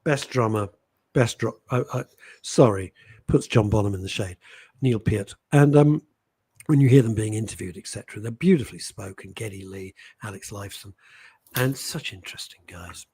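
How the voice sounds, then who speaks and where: A man's voice: fairly low pitch, normal speed, breathy edge. A middle-aged Englishman hosting a talk show, telling stories in casual chat and acting out the voices of people he quotes. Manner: animated storytelling with mimicked voices.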